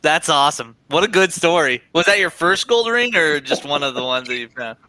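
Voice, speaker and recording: Bright, crisp-voiced stream host. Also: male voice, fairly high pitch, expressive, fairly quick, no echo, low-quality recording. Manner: laid-back, reacts aloud while reading an article. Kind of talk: casual live-stream chat.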